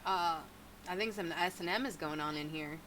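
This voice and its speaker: A woman's voice: on the low side, moderate pace, fairly bright tone, slight background noise, poor audio. A woman playing in a tabletop game, chatting casually and cracking teasing jokes. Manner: teasing, wisecracking. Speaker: player.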